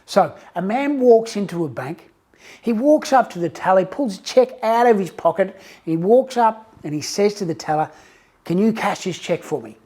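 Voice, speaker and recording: A man, a success coach, telling a story in a casual, animated way with frequent restarts. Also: high-pitched, moderate pace. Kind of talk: motivational storytelling.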